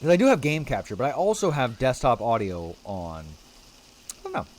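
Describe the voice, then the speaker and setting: Lively, animated male game streamer. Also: mid-range voice, moderate pace. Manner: chatty, talks to chat and to game creatures; playful, apologetic asides. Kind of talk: casual livestream commentary.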